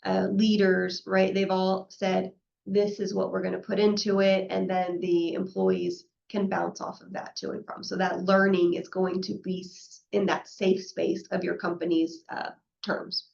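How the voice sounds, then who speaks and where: A woman presents a professional session in a chatty, conversational way, often tossing in a "right?" and acting out quoted back-and-forths. Her voice carries a gravelly fry, and the recording sounds somewhat muffled and lo-fi. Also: fairly low pitch, flat delivery, measured pace, a little mellow. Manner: conversational, frequently adds "right?" and acts out quoted exchanges.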